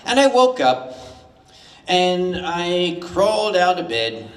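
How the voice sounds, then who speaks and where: A man's voice: high-pitched, takes it slowly, faint music behind. An older American man telling comedic stories live at a convention, wry and a little profane, recorded from a distance in a large hall. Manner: animated, wry, profane humor. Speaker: storyteller at a live convention event. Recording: echoey hall from far off.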